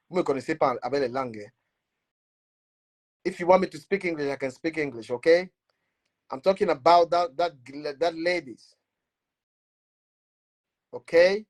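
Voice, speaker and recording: Man, Cameroonian Pidgin accent, scolding rant, blogger commentary, slightly high voice. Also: moderate pace, long pauses. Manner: animated, scolding, switching between Pidgin and French. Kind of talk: ranting commentary.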